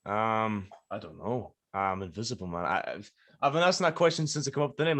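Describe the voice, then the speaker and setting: A man's voice: fairly low pitch, expressive, a bit bright. A young man with a Donegal Irish accent, a rapper chatting as a guest and laughing easily. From Ireland. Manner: laid-back, laughs easily, quick rambling answers. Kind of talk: casual interview chat.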